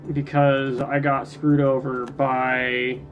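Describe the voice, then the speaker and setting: A man's voice: mid-range voice, completely flat delivery, slow, faint music behind. A man commenting casually on his strategy game, muttering and ranting in frustration at it. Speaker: gameplay video creator.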